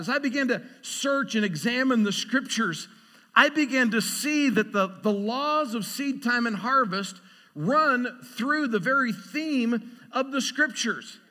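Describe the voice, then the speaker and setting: A man's voice: very high-pitched, bright, forceful tone, long reverb tail. A man preaching a sermon, talking through prayer and scripture and building to emphatic call-and-response.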